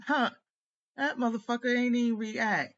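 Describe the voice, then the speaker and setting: A woman's voice: a little high, steady tone, moderate pace, fairly bright tone, dull audio. A woman tarot reader delivering a heated, profane, rambling rant straight to camera. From United States. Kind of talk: venting monologue to camera.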